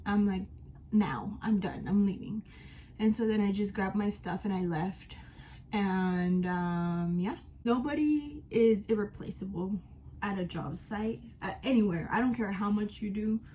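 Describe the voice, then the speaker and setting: A woman's voice: mid-range voice, a little slow, mellow, a little hiss or hum, low-quality recording. A woman in her twenties chatting frankly to camera as she gets ready, telling her story with emphatic, casual talk. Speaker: vlogger. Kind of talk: candid life-update storytelling. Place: at home while getting ready.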